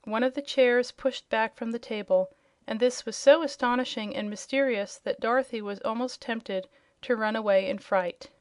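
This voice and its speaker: A woman narrating a children's audiobook chapter in a clear, steady storytelling voice. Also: fairly high pitch, normal speed, dry recording, clean studio sound.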